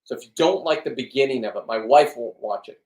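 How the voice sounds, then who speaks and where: A man's voice: medium pitch, quick pace, a little mellow. A middle-aged man in a rambling, blunt vlog monologue, swearing often and restarting his sentences. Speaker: vlogger. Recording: echoey room, distant from the mic.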